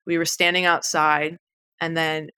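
A woman's voice: low-pitched, little pitch movement, unhurried, sharp tone, smooth, dry recording. A woman in her thirties, a podcast guest, telling a story in casual, chatty talk full of swearing and "like". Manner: chatty, profane, many likes.

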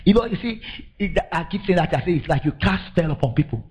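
An older Nigerian pastor with a husky, slightly raised voice preaches with lively, laughing storytelling. He swings into loud, emphatic declarations as the sermon builds. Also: high-pitched, fast talker, poor audio.

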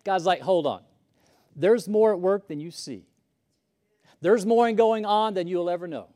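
A man's voice: high-pitched, a little slow, long pauses, dark tone. A man preaching a sermon, emphatic, rising and falling as he acts out the lines he quotes. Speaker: pastor.

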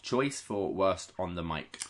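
A man's voice: low-pitched, animated, slow pace. A man hosting a podcast in casual chat. He sounds easygoing and leads the segments. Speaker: podcast host.

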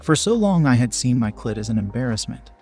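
A man narrating a first-person story aloud in a slow, hushed reading voice. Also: mid-range voice, big pitch swings, breathy edge, faint music behind.

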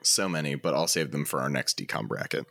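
A man co-hosting a podcast over a video call, animated and often laughing mid-sentence. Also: very deep voice, fairly quick, gravelly, no room sound. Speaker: podcast co-host. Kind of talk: casual chat.

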